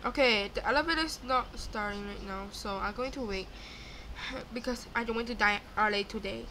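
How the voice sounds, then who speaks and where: A young woman giving live gameplay commentary, excitable and chatty, talking back to game characters. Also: fairly high pitch, normal speed, slight background noise. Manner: excitable, screams and gasps, talks to game characters. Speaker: gaming YouTuber.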